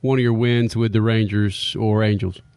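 A man's voice: fairly low pitch, little pitch movement, moderate pace, darkish tone, clear, resonant tone, no echo, clean studio sound. A man hosting a radio show, asking a guest questions in a joking, bantering way. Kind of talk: casual radio interview.

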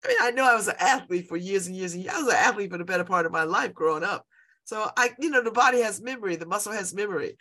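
A woman in her fifties hosts a show and talks casually to her listeners, rambling from one story to the next. Her voice is bright and forceful, and she laughs often and repeats herself as she goes. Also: mid-range voice, animated, very fast. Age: 50s. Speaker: show host. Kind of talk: casual personal chat.

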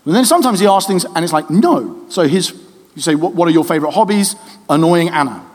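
Preacher, man, 30s, high voice, chatty sermon delivery, long reverb of a church hall. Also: fast. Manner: lively, conversational, jokes with the congregation.

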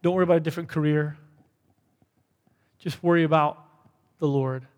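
A man's voice: on the high side, fairly even intonation, normal speed, darkish tone, in a large hall. A man preaching a sermon as pastor, in a conversational way, often checking in with "right?". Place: church hall.

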